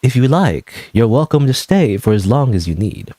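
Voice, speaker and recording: A man voicing a gentle, kindly middle-aged priest who speaks softly. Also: mid-range voice, big pitch swings, normal speed, no echo. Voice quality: soft-spoken.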